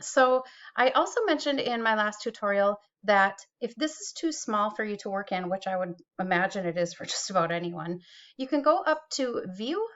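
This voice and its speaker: A woman's voice: mid-range voice, expressive, normal speed, fairly bright tone. Woman, middle-aged, teacher, casual screen-share tutorial, self-deprecating, computer mic, slightly muffled sound. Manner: chatty, self-deprecating, with small laughs.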